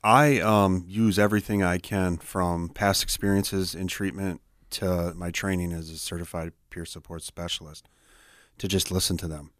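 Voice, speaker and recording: A man with a low, fairly even voice guests on a radio talk show, sharing a heartfelt personal story about his life as a peer support specialist. He talks quickly and conversationally, and the studio sound is clean with no echo.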